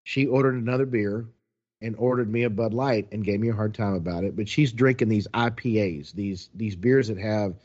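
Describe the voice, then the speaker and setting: A man telling a long story in a casual, animated way, quoting people as he goes. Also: lowish voice, moderate pace, muffled recording.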